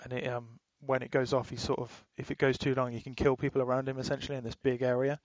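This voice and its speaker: Casting note: man, podcast co-host, loose swearing chatter, flat tone, dry close sound. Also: mid-range voice, quick pace, dry recording, dull audio. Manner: rambling, swears freely, laughs while retelling. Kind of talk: casual chat.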